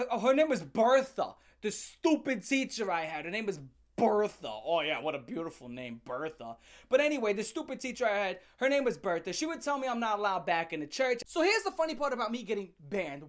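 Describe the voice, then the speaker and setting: A woman with a fairly high voice rants through a comic story, sarcastic and full of swearing. She tells it in an animated, mocking way, like a host talking straight to her viewers. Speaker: channel host. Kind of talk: comedic storytelling rant.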